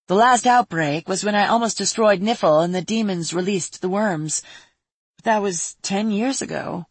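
A woman's voice: mid-range voice, normal speed, slightly rough, no room sound, lightly acted. A woman reading a storybook voices a powerful female mage who speaks in a serious, direct way.

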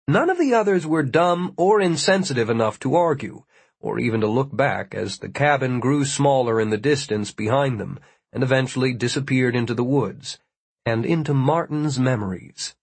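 Husky man narrating wryly. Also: mid-range voice, animated, moderate pace, no room sound. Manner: dry, wry storytelling. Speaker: audiobook narrator. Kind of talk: scripted narration.

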